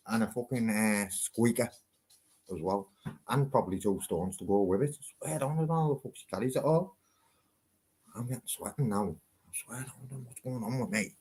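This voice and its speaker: A man's voice: medium pitch, a little mellow, breathy edge. A man, talking in a casual, rambling vlog, swearing freely. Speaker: vlogger.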